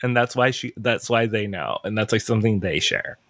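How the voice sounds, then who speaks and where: A man's voice: lowish voice, fairly quick, fairly bright tone. A man guest on a podcast, chatting casually in an emotional, rambling way and second-guessing himself. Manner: emotional, rambling, self-questioning. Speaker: podcast guest, entertainment writer.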